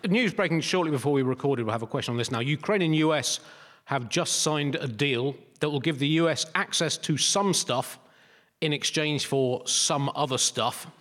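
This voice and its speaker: A man's voice: on the high side, normal speed. Dry male quiz host. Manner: dry, deadpan jokey delivery of scripted lines. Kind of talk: comedy news quiz hosting.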